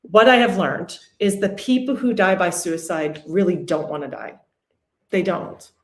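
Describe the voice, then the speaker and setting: The recording carries a roomy echo as this woman, a podcast guest in her forties, recounts a painful personal experience. Her lowish voice is unhurried, and she remains candid and steady through hard memories.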